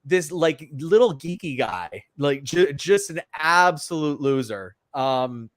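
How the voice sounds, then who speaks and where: Casual podcast film reviewer, male, talks in loose animated rambles, a bit higher voice, dead-dry close sound. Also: takes it slowly, no room sound. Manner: rambling, animated, lots of fillers and restarts. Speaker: podcast co-host.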